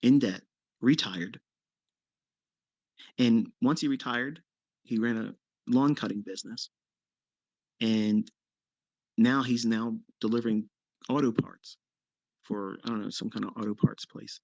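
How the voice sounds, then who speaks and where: A man's voice: measured pace, gravelly, long pauses, darkish tone, dry recording. Blunt, profane middle-aged man storyteller. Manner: blunt and profane, with sudden emphatic jumps in pitch. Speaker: trading mentor. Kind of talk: casual storytelling on a live audio chat.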